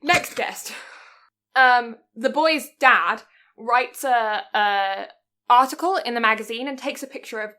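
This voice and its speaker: A British woman recapping an anime film in loose, casual chat, laughing between her lines and swearing freely. Her voice is bright and sharp, sitting a little high. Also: unhurried. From Britain. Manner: giggly, sweary, rambling. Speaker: podcast co-host.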